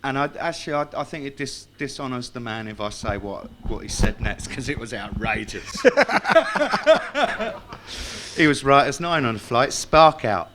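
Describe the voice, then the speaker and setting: At a tribute evening in a club function room, a man recites a tribute poem and tells wry, self-mocking anecdotes to a live audience. He has a medium-pitched voice and speaks at a normal speed with hardly any pauses, with crowd noise around him.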